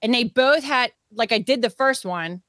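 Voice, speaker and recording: A woman co-hosting a podcast, who rambles along in loose chat, full of filler words and quick to giggle. Her voice sits somewhat high. The sound is dry and close. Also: lively intonation, a bit bright, dry recording. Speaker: podcast co-host. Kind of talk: casual chat.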